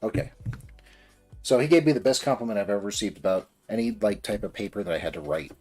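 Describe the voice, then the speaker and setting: Casual rambling man with a low voice. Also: fast, a little mellow, faint music behind. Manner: rambling, many fillers and restarts. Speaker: streamer building a model kit. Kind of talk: casual storytelling while building.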